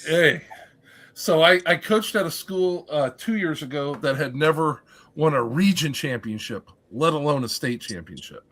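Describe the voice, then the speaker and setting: A man who coaches high school football, talking on a podcast panel in a wry, self-deprecating way. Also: animated, moderate pace, a bit bright. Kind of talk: casual podcast chat.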